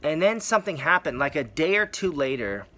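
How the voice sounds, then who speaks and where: A man's voice: fairly high pitch, very animated, brisk, bright, forceful tone. A man giving an earnest, rambling personal testimony about his faith, repeating phrases for emphasis. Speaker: Christian testimony vlogger.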